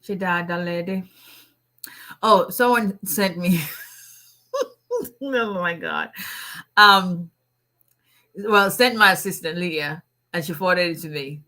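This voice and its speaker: A woman's voice: on the low side, slow pace, long pauses, bright, forceful tone. A woman, an immigration attorney chatting casually on a livestream, greeting viewers and laughing often.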